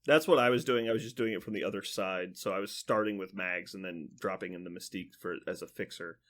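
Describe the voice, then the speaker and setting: A man's voice: low voice, fast, a bit bright. A man hosting a podcast, chatting casually and trailing off at the end of his phrases. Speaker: podcast host. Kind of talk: casual chat.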